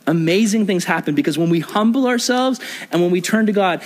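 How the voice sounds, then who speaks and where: A young man with a high voice gives a conversational sermon to a youth group. He keeps putting questions to his listeners. His voice rings out in a hall with a long reverb. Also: lively intonation, fairly quick. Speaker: youth pastor.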